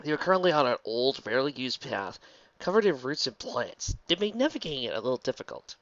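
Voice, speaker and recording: Animated fan story reader, lively pitch. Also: quick pace, dull audio. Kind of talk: reading a fan story aloud.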